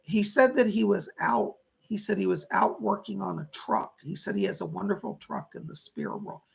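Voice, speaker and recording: Gravelly-voiced male psychic medium. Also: high-pitched, sing-song, normal speed. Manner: relays spirit messages in quotes, repeating "he said". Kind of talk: live-streamed psychic reading.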